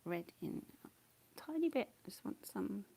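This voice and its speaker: Chatty woman painting, gravelly voice. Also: mid-range voice, sing-song, measured pace. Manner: chatty, rambling, often drifting into soft whispers and giggles. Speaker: painting channel host. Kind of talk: casual chat while painting.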